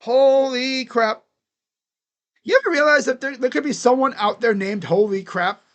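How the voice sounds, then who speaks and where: A man's voice: extremely high pitch, lively intonation, fairly quick, a bit bright. A young man doing casual live play-by-play of a baseball game, chatty and given to chanting and laughing. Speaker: live reaction play-by-play host.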